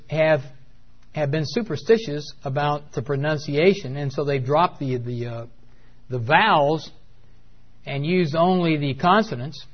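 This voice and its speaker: Preacher, male, slightly high voice, halting delivery full of fillers, lo-fi audio. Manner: hesitant with many fillers, emphatic on key words. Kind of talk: Bible teaching sermon.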